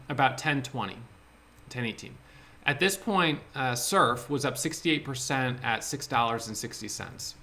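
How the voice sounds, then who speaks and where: A man with a bright, forceful voice talks through his day trades in a casual screen-share recap. He thinks out loud with excitement and often restarts his sentences as he goes. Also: medium pitch.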